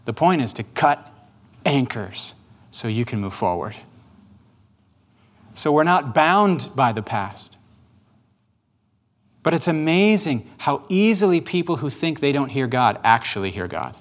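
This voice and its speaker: A male pastor leads a guided prayer in a patient, gentle manner. His voice sits at an ordinary middle pitch, and he repeats his questions as he coaches his listeners. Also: sing-song, unhurried, pauses often.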